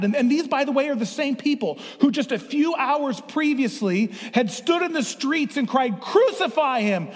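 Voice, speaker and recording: A middle-aged man preaching a sermon as pastor, playful and drawing the congregation into the reading. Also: very high-pitched. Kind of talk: interactive sermon. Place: church sanctuary. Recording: long hall reverb.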